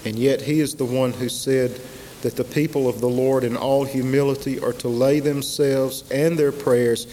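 A man preaching a sermon, slow and emphatic, with dramatic pauses and repetition. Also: medium pitch, mellow. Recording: long hall reverb, faint hiss.

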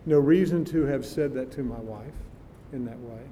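A man's voice: moderate pace, warm tone. An older man preaching a sermon in a conversational, musing way, sometimes laughing. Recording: reverberant hall with faint rumble.

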